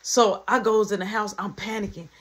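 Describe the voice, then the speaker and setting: A woman retelling a personal story for a vlog, animated and slangy, rapidly quoting everyone with "I'm like.". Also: medium pitch.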